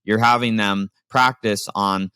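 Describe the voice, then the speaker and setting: A man's voice: fairly low pitch, fairly even intonation, measured pace, sharp tone, clear, resonant tone, dry recording. A man, a business owner, explaining delegation in a conversational, emphatic way with many fillers. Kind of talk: casual instructional talk.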